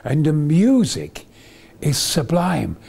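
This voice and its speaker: A man's voice: fairly high pitch, huge pitch swings, takes it slowly, vocal fry, a little mellow, husky. An older man, being interviewed as an actor, reminisces in an enthusiastic, rambling way with many fillers and restarts.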